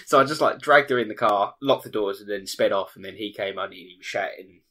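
A man's voice: on the low side, fast talker, pushed and bright. A man, chatting on a podcast, telling a long story with many fillers and laughs. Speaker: podcast co-host. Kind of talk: casual chat, storytelling.

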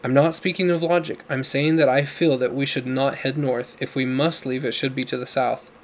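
A man voicing a quiet, hesitant young man. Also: mid-range voice, fairly even intonation, normal speed, close to an everyday voice.

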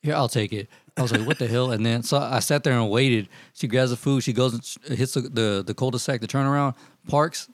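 A man telling profane, animated stories in casual chat with friends, acting out what people said. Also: medium pitch, a little fast, no room sound. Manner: profane, animated storytelling, acts out quotes. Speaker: storyteller among friends.

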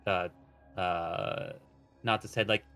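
Slow, bright-voiced man at a tabletop game. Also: low voice, steady tone, clean tone, soft background music. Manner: halting, many fillers. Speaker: player.

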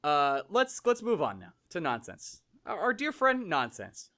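A man's voice: fairly high pitch, huge pitch swings, unhurried, bright, forceful tone. A young man hosting a podcast in casual chat, joking and teasing his guests. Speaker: podcast host.

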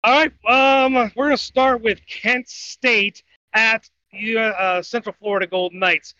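High, bright-voiced man picking bets. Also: unhurried, no echo. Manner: rambling, self-correcting picks. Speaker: sports betting podcast co-host. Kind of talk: casual sports betting talk. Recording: dull lo-fi audio.

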